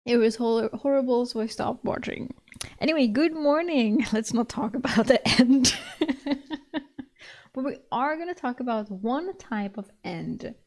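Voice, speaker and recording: A woman's voice: a little high, animated, moderate pace, few pauses, a little mellow. A young woman streamer chatting casually with her viewers, laughing often and swearing casually.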